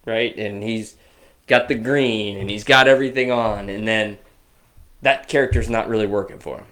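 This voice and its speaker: Rambling, animated podcast co-host man. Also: lowish voice, normal speed. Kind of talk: casual chat.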